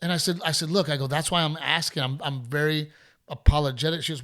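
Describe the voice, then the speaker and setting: A middle-aged man hosting a podcast, telling a story in a casual, animated way and acting out other people's voices. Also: a little high, fast talker. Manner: animated, acts out heckler voices. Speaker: podcast host.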